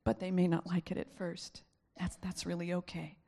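A woman's voice: lowish voice, completely flat delivery, moderate pace, dark tone. A woman preacher giving a conversational sermon, acting out voices with laughing asides.

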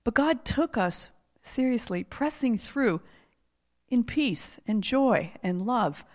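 High-voiced woman preacher, animated. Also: takes it slowly. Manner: animated storytelling with laughter, sliding into hushed prayer. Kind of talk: testimony sermon and prayer.

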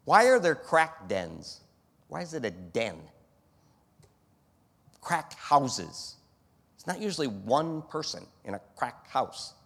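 A man preaching a sermon in an animated style, who fires off rhetorical questions and acts out scenes. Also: mid-range voice, slow pace, creaky, pauses often. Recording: long hall reverb.

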